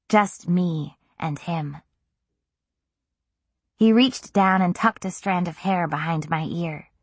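A woman narrating a first-person novel in an intimate, even storytelling manner. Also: on the low side, breathy edge, no echo. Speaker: audiobook narrator.

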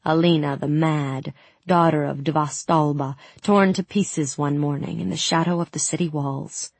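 A woman narrating a first-person fantasy audiobook in a measured way, giving the characters' lines some heat. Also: low-pitched, darkish tone, breathy edge, dry recording.

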